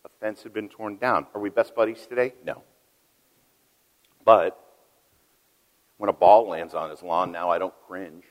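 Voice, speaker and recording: Deep-voiced preacher in a reverberant hall. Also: male voice, fairly even intonation, measured pace, long pauses. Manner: storytelling, swings from loud emphasis to hushed asides. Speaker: pastor. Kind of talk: sermon. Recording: long reverb of a large hall.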